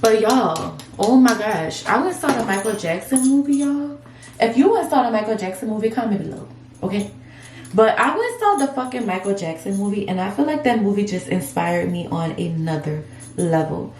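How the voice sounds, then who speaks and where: A woman's voice: mid-range voice, moderate pace. Chatty young woman, cussing, echoey room. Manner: candid, profane, animated girl-talk. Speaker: beauty vlogger. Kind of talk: casual chatty vlog. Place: room at home while styling hair. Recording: echoey room with faint noise.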